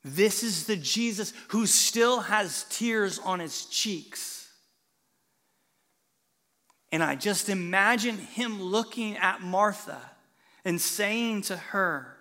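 Pastor, male, high bright voice, animated sermon storyteller, hall reverb. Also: slow. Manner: animated storytelling, swings from hushed to loud.

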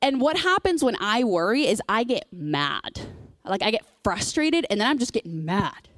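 A woman's voice: a little high, very animated, moderate pace, a bit bright, no room sound, clean studio sound. Woman preaching a chatty sermon. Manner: conversational, personal storytelling with fillers.

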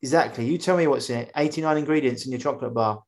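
Man, podcast host, rambling, animated, casual conversation, mid pitch. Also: rapid-fire. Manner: animated, rambling, acts out quoted voices.

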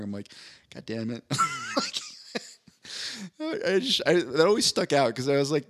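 Animated man telling stories. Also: mid-range voice, a little fast. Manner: storytelling, animated quoted voices; dry delivery. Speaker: podcast co-host. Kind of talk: casual chat.

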